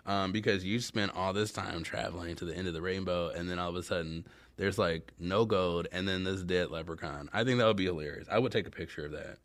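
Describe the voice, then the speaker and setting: Deep-voiced man rambling on a podcast. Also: steady tone, fairly quick, hardly any pauses, a bit bright. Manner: candid, rambling, self-mocking storytelling. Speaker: podcast host. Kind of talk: casual solo podcast chat.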